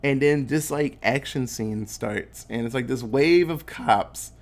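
His voice sits in the middle range and his pace is measured. Co-hosting a podcast, he gives a relaxed, profanity-laced film recap, bringing the story alive by acting out characters' quotes.

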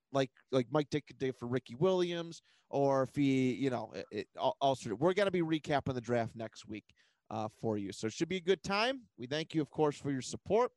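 A man co-hosting a casual sports podcast, animated and quick to laugh. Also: medium pitch, no room sound. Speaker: podcast co-host.

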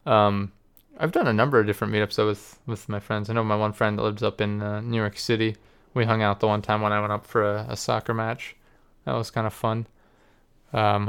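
Low gravelly guy rambling on, kinda hesitant, smooth tone. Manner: rambling, hesitant, filler-heavy. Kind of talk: casual chat.

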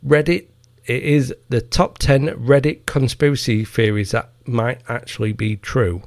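Male podcast host, gravelly voice, dry close sound, sweary heated commentary. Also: medium pitch, fairly even intonation, unhurried, dry recording. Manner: profane, heated, mocking. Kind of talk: ranting commentary.

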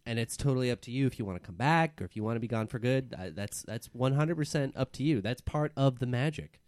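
A man's voice: mid-range voice, fast, a little mellow, no echo, clean studio sound. A man improvising as a flustered stage magician on a comedy podcast. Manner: flustered, stammering showman.

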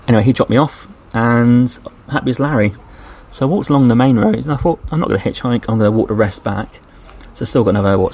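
A man's voice: fairly low pitch, slight background noise. An English man, a podcast host, casually recounting a day of walking on a trail and quoting the people he met. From England. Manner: chatty, animated when quoting people. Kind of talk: casual travel storytelling.

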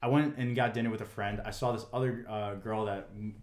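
A man's voice: lowish voice, steady tone, brisk, roomy sound. A young man hosting a casual podcast, rambling and laughing often as he tells stories. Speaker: podcast host. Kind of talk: casual chat.

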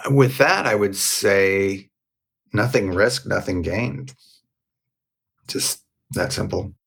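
A man's voice: fairly low pitch, takes it slowly, gravelly, slightly rough. A man being interviewed, telling a personal story in a candid, conversational way and acting out the dialogue. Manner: animated, acts out quoted dialogue. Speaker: interview guest.

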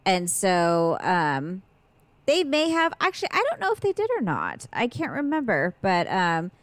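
A middle-aged woman co-hosting a podcast, talking in a relaxed, rambling way full of fillers. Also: lowish voice, a little slow, no echo. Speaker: podcast co-host. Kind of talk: casual chat.

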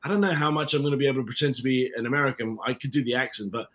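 Fast-talking English man, rambling. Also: mid-range voice, a bit bright. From England. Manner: rambling, self-interrupting anecdotes. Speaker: actor. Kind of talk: casual interview chat.

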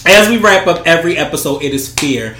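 A man's voice: fairly high pitch, expressive, fairly quick, sharp tone. A man hosting a podcast in a laid-back, agreeable way, often laughing along. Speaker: podcast host. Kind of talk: casual chat. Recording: roomy echo with faint noise.

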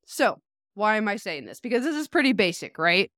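A woman's voice: medium pitch, very animated, a little fast, fairly bright tone, dry recording, studio quality. A woman hosting a podcast as a life coach, talking in a casual, upbeat and chatty way, a little nasal from allergies.

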